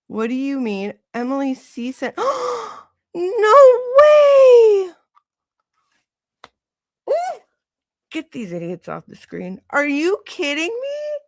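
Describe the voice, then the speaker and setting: A woman hosting a casual livestream, gushing and excitable, gasping and laughing often. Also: on the high side, no room sound, studio quality. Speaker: livestream host.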